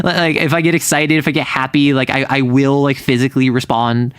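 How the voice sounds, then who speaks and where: A man with a slightly higher voice chats casually on a livestream. He rambles, stammers and restarts his sentences, animated and quick to laugh. Faint music plays in the background. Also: smooth, no room sound. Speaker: streamer.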